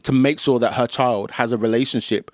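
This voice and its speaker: A man's voice: mid-range voice, steady tone, brisk, no room sound, studio quality. A man, co-hosting a podcast and retelling a story with emphatic commentary in casual chat. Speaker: podcast co-host.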